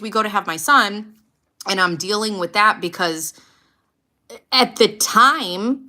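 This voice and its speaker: A woman in her thirties, a podcast host, casually telling a personal story in a blunt, animated way and swearing freely. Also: mid-range voice. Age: 30s. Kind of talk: casual storytelling to a live audience.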